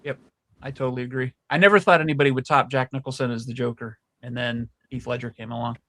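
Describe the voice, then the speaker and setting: A man's voice: medium pitch, fairly even intonation, quick pace, sharp tone. A man hosting a casual movie podcast who agrees readily and moves the others along. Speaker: podcast host.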